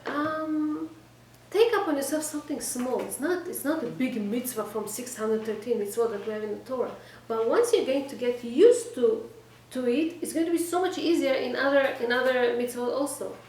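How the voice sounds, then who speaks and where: A woman teaching a weekly class to a small group, direct and exhorting, often checking in with her listeners and trading quick replies with them. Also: sits high, darkish tone. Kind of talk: informal lecture to a small group. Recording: echoey room, distant mic, faint background noise.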